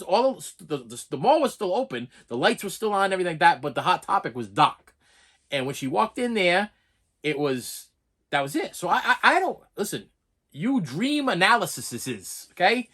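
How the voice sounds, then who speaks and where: Excitable rambling middle-aged man. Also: on the high side, breathy edge. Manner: excitable, repetitive, addresses viewers directly. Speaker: channel host. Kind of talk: rambling storytelling vlog.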